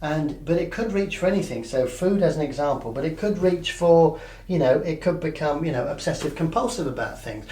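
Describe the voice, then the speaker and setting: With a fairly high, mellow voice, lively intonation and some vocal fry, a man coaches a group on mindfulness at a slightly quick pace. He teaches conversationally and checks often that they follow; the mic is distant and the room echoes.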